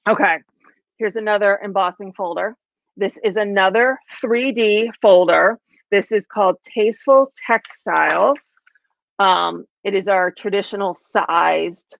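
A woman's voice: mid-range voice, no echo. A woman co-hosting a craft show, showing products casually and gushing with gasps and lots of fillers. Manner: gushing, gasping, many fillers. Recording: slightly dull, dry sound.

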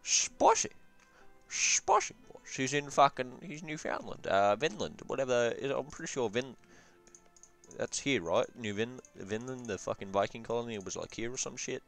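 A man's voice: mid-range voice, normal speed, creaky, a bit bright, soft background music. A young man casually reviewing a strategy game session, rambling with profane jokes and asides. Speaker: gaming commentator.

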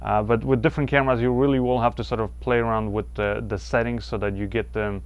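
A gear reviewer speaks quickly and smoothly at a medium pitch with fairly even intonation. He casually walks through a wireless microphone's settings, often using fillers and restarting sentences, recorded on a wireless lavalier clipped to his shirt.

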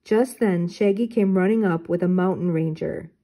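An older woman reading a children's storybook aloud in clear, even narration. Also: lowish voice, moderate pace. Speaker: storybook reader.

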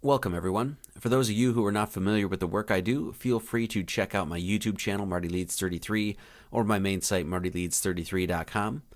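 A man hosting his own video, calmly narrating a scripted joke and introduction. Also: on the low side, fairly quick.

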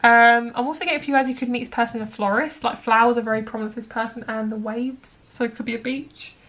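A woman's voice: a little high, steady tone, quick pace, a bit bright. Chatty young woman giving a tarot reading. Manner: chatty, rambling, many likes and ums. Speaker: tarot card reader. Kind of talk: casual tarot reading to camera.

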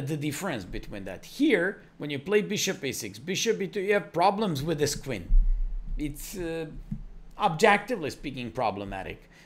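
Lively man explaining chess moves. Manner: animated, rapid move lists with frequent fillers and pitch jumps. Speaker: chess teacher. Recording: faint background noise.

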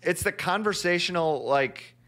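A man's voice: sits high, expressive, moderate pace, sharp tone. A man co-hosting a cartoon podcast, rambling casually, laughing through his stories and swearing freely. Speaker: podcast co-host. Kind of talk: casual chat.

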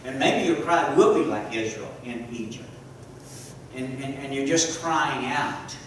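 A man preaching a sermon to a congregation, often pausing to ask the listeners questions and repeating key words. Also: medium pitch, a little hiss or hum. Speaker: preacher and teacher. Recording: echoey hall from far off.

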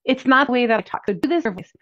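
A woman's voice: fairly high pitch, expressive, very fast, a bit bright, dry recording. A woman who is a chiropractor, giving an upbeat, chatty lesson to practice owners and repeating the key points. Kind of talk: instructional talk. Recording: dull, dry lo-fi recording.

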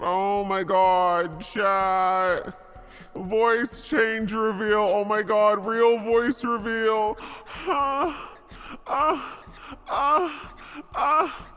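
A woman's voice: medium pitch, sing-song, drawn-out words, long pauses, pushed and bright, soft background music, voice pushed down, full character voice. A woman streamer speaking through a voice changer, joking around in a mock-macho way. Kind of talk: casual live-stream chat.

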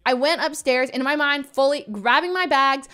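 Young woman streamer telling a story, kinda high voice, dramatic and animated, desk mic. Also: moderate pace. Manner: animated, dramatic, breaks into laughs. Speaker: livestreamer.

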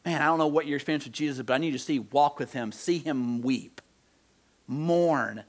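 Brief: male pastor, slightly high voice, earnest conversational sermon delivery. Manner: earnest and conversational, swinging between soft, slow emphasis and animated outbursts. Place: church sanctuary.

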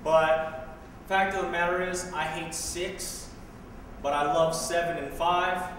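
A poet with a slightly high, somewhat bright voice performs spoken word live, slowly and in a steady tone. He's wry and pointed with sarcastic asides, picked up from far away in an echoey hall with faint hiss.

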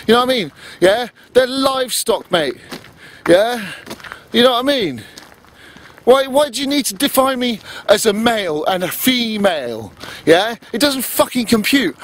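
A high-pitched man rants in a vlog, swearing heavily and pressing every point with a questioning "yeah?". His delivery is blunt and insistent over a faint hum of background noise. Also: sing-song, a little slow, a bit bright. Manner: profane, emphatic, keeps asking "yeah?". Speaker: vlogger. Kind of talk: ranting monologue.

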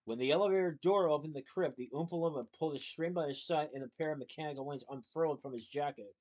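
A man reads a children's novel aloud in a steady, expressive narrating voice. His pitch sits a little above the usual for a man. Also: fast talker, poor audio. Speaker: storybook reader.

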